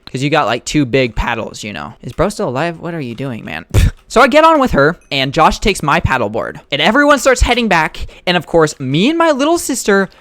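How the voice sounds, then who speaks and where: Lively young man telling a story. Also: a little high, fairly quick, dry recording. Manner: rambling, chatty, reacts to the game mid-story. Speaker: gaming storyteller. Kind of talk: casual storytime over gameplay.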